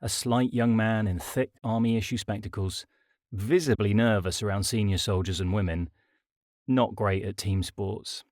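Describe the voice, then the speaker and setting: A man narrating his own comic audiobook in a wry, deadpan style. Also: on the low side, unhurried, no room sound, studio quality. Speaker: author and narrator. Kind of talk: scripted comedic audiobook narration.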